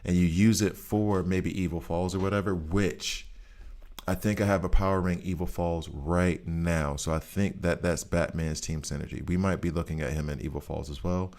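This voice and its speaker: Tired, rambling deep-voiced man. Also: fairly even intonation, normal speed, darkish tone. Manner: rambling, chatty, drifts into Southern twang. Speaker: mobile game guide host. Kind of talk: casual gameplay commentary.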